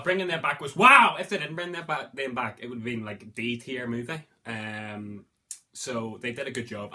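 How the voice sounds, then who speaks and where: A man giving a casual movie review, rambling and excitable, breaking into loud exclamations of delight. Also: mid-range voice.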